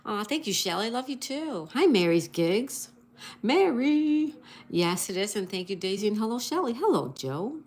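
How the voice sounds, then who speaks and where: A woman's voice: mid-range voice, sing-song, brisk, few pauses. A woman hosting a casual livestream, greeting viewers, reading chat aloud and spelling out crossword answers. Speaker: livestream host.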